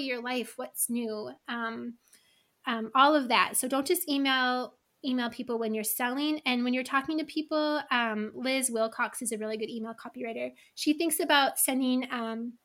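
A woman's voice: high-pitched, a bit bright. A middle-aged woman talking casually as a podcast guest, chatty and full of asides. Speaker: guest, email copywriter.

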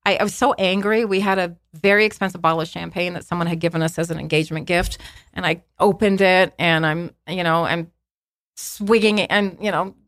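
A woman telling a personal story on a podcast, in a casual, animated way, acting out what people said with many fillers. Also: fairly low pitch, a little fast, dry recording, studio quality. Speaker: guest telling her story.

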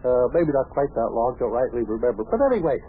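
A man's voice: medium pitch, quick pace, a little hiss or hum, close to an everyday voice. An actor playing a long-winded, chuckling male pal who rambles through folksy tall tales, on an old radio show. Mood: cheery. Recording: tinny old radio broadcast.

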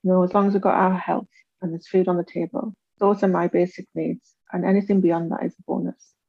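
A woman in her forties, an interview guest candidly telling her life story and acting out the voices of others with big pitch jumps. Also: level tone, a little fast, creaky, breathy edge, dry recording, muffled recording.

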